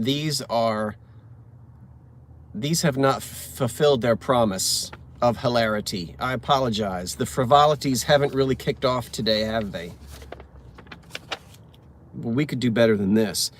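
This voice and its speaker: A man passes the time in his parked car reading corny jokes, chatty and self-deprecating, often tripping over his words. His medium-pitched voice is unhurried, with a little hiss or hum in the audio.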